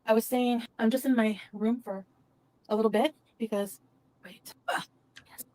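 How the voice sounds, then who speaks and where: A woman from Canada chatting casually on a livestream, reading viewers' comments and answering them softly. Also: a little high, steady tone, normal speed, low-quality recording. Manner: soft, sympathetic, reads out viewer names. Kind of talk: casual live-stream chat.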